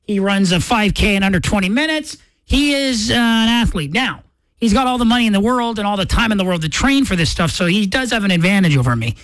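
A man hosting a morning radio show, chatting casually in an animated, rambling, self-mocking way. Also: high voice, brisk, no echo, low-quality recording. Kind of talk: casual on-air chat.

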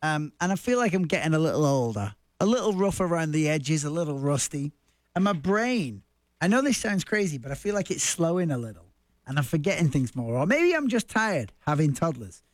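A man's voice: a little high, sing-song, a little fast, no echo. A man in his forties from the north of England with a Wigan accent, talking in a chatty, self-deprecating way. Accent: Wigan, northern English. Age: 40s. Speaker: speaker. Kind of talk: casual personal monologue.

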